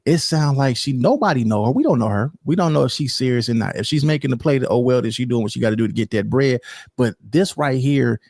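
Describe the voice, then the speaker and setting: A man's voice: medium pitch, lively intonation, quick pace, darkish tone, no room sound, clean studio sound. A man hosting casual commentary, talking straight to his viewers and repeating himself for emphasis.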